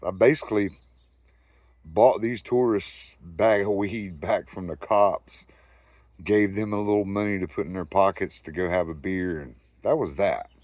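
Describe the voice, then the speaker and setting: Low-voiced Southern US man telling stories. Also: measured pace, a little mellow, no room sound, clean studio sound. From Southern United States. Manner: loose, profane, rambling anecdotal delivery. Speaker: storyteller host. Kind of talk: casual spoken storytelling.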